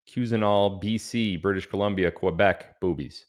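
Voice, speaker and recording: Man, very low voice, casual livestream host, rambling chatty delivery. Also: moderate pace. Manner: chatty, reads out viewer locations.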